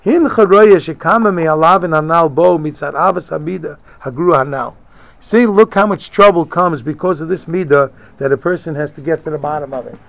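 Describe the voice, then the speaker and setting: Speaking briskly in a creaky, slightly bright voice on the high side, a man teaches a religious text as a Torah teacher. The Talmudic-style lesson has him reading Hebrew phrases and translating each into casual English.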